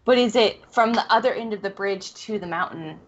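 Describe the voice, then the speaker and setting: A woman playing a tabletop game, asking quick questions in a chatty way. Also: medium pitch, a crowd in the background. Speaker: player. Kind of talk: casual tabletop play. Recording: dull lo-fi sound.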